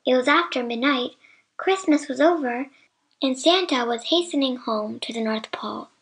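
High-voiced woman reading a storybook. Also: moderate pace. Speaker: narrator. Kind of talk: scripted storybook narration.

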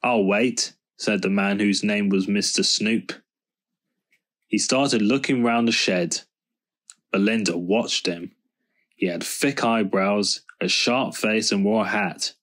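A male storyteller reading a children's book aloud in a calm, measured way. He speaks slowly, in a fairly low voice. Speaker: storybook reader.

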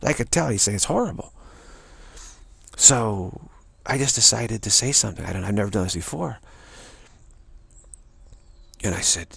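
A man's voice: lowish voice, expressive, normal speed, vocal fry, pauses often, fairly bright tone, slightly rough, no echo. A man giving an informal spiritual talk, rambling through anecdotes and acting out the voices of people he quotes. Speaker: spiritual teacher.

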